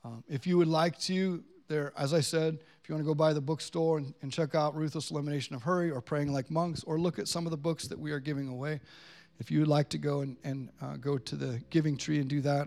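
A man's voice: fairly high pitch, fairly even intonation, a little fast, a little mellow, soft background music. A man pastor preaching a sermon in a church, earnest and conversational. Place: church sanctuary.

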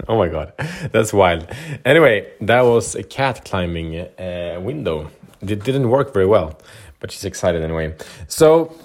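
A man's voice: deep voice, expressive, unhurried. A man talking casually to camera as a relationship coach, candid and loose, swearing and laughing now and then. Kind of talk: casual advice talk to camera.

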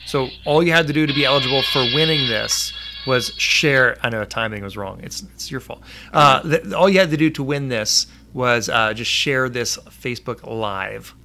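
An upbeat man hosts a casual live stream, chatting loosely with plenty of fillers. His voice is bright and forward, and he reads viewer comments aloud as he goes. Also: mid-range voice, normal speed.

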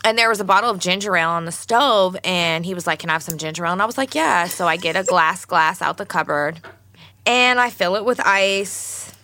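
A woman's voice: on the low side, moderate pace, dry recording. A woman co-hosting a podcast, telling a story with lots of swearing and acting out everyone's lines. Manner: profane, animated storyteller, acts out quotes. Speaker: podcast co-host. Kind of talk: casual storytelling chat.

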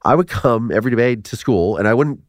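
Speaking a little fast in a medium-pitched voice, this Ohio man in his forties animatedly recounts his life on a podcast. He acts out quotes and laughs between lines, recorded at studio quality with no echo.

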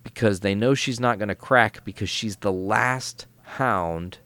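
A man's voice: lowish voice, a little slow, a bit bright, no echo. A man co-hosting a podcast, casually recapping a comic story in a rambling, filler-heavy way. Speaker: podcast co-host.

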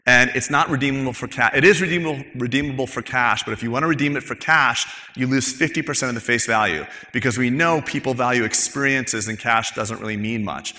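Man, practice owner on a panel; bright, animated, mimics coworkers; hall reverb. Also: mid-range voice, fast, hardly any pauses. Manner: animated storytelling, acts out coworkers' quotes. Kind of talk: casual panel talk.

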